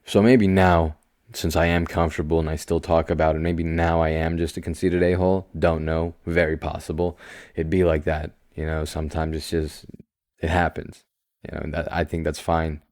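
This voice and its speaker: A young man hosting his own podcast in a casual solo monologue, talking slowly and calmly in a soothing, self-assured way, with quiet asides and sudden emphatic bursts. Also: rumbling low, no echo, studio quality. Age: young adult. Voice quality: slow, calm and soothing delivery. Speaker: podcast host.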